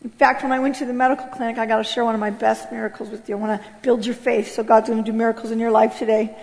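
A middle-aged woman giving an animated spoken testimony in a church, acting out the voices in her story. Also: a little high, very fast, vocal fry. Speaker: testimony speaker. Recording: long hall reverb.

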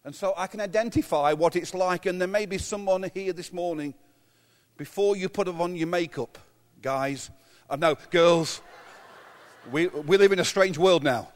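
A man's voice: high-pitched, normal speed. An English man in his fifties preaching a sermon as pastor, telling humorous, self-mocking stories. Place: church. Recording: long hall reverb.

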